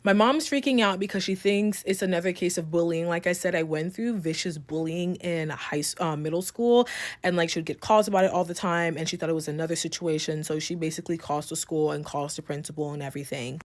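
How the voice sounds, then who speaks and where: A young woman in a casual storytime vlog, telling a personal story in a candid, profane and animated way. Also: fairly low pitch, fairly quick. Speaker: storytime vlogger.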